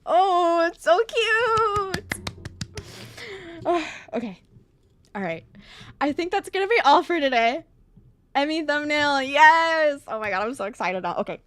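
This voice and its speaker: A woman's voice: high-pitched, animated, moderate pace, a bit bright. A woman streamer chatting casually over a game, gushing with squealing exclamations and rambling, self-correcting sentences.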